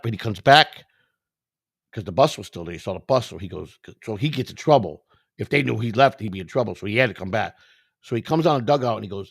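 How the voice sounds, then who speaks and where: Gravelly man telling a story. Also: fairly low pitch, no echo, studio quality. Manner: profane, acts out the dialogue of others. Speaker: storyteller telling his own past. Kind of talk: casual sit-down storytelling. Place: indoors, sit-down set.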